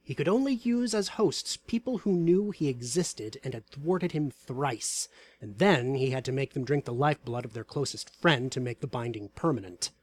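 Guy reading out a tabletop game story, deadpan and wry, normal pitched voice. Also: moderate pace.

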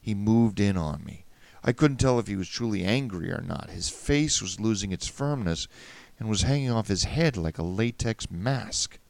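A man narrating a first-person story in a wry, measured way. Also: fairly low pitch, lively intonation, vocal fry, a little mellow, no echo.

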